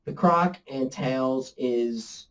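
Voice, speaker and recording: A man's voice: mid-range voice, extremely slow, a bit bright, far from the mic. A man co-hosting a casual movie podcast, laid-back and swearing casually. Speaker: podcast co-host. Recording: off-mic with faint room noise.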